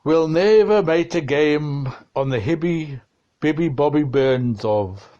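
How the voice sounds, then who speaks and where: A man reading a dense novel aloud, slow and deliberate, shifting his tone for the quoted exchanges. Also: a little high, expressive, warm tone, lo-fi sound. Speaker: reader of a novel.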